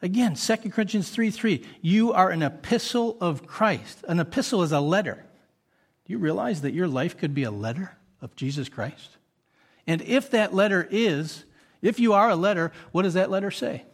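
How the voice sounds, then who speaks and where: A man's voice: high-pitched, lively intonation, normal speed, slightly rough. A man preaching a sermon as a pastor, earnest and full of rhetorical questions to the congregation.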